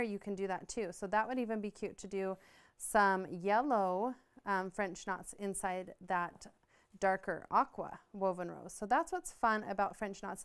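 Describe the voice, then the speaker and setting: A woman's voice: medium pitch, clean tone. A woman giving a patient, upbeat step-by-step embroidery tutorial, explaining each move as she stitches. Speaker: embroidery instructor.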